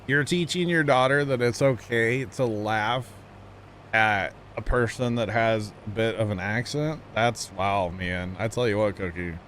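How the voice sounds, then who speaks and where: A man's voice: lowish voice, a little slow, a bit bright, a little hiss or hum. A man chatting casually with his viewers while streaming a game, talkative and self-teasing, laughing often.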